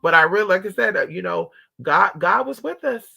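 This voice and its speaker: Brash, gravelly-voiced man telling a story. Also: expressive, fairly quick, sharp tone. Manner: swings between high squeals and low mutters. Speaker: livestream host. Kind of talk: casual storytelling to viewers.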